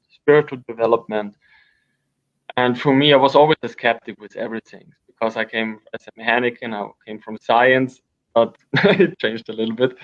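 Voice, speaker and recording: Gravelly man telling wild stories. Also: mid-range voice. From Austria. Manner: rambling, animated storyteller with frequent restarts. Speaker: guest. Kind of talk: storytelling in an interview. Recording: dull lo-fi sound.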